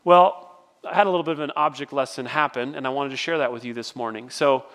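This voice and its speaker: Speaking fast at a medium pitch with a slightly bright tone, this middle-aged pastor delivers his sermon as relaxed storytelling full of restarts. The church sanctuary leaves a long, big-hall reverb on his words.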